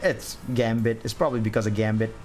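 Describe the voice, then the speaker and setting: A man's voice: on the low side, steady tone, fast, a little mellow, slight background noise. A man streaming as he draws, chatting casually, rambling and thinking aloud and laughing at himself. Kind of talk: casual chat while drawing on stream.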